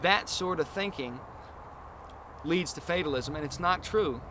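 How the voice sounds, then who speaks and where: A man's voice: a little high, a little slow, background noise. A man hosting a casual podcast chat, talking in long, earnest, rambling explanations. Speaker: podcast host.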